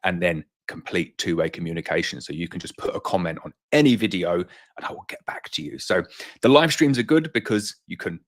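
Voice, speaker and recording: A middle-aged man with a British accent and a very deep voice chats loosely through a live stream. He talks off the cuff, doubling up words as he thinks aloud, and sounds a little out of breath. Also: a bit bright. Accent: British English. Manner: chatty, repeats words while thinking aloud. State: slightly out of breath. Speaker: beekeeper hosting a live Q&A stream. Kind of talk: casual live-stream chat.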